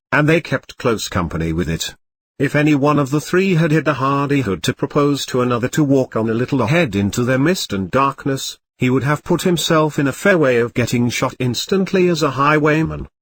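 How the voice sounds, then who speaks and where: A man reading a classic novel aloud as an audiobook narrator, even reading punctuation and chapter numbers. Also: mid-range voice, husky, no echo.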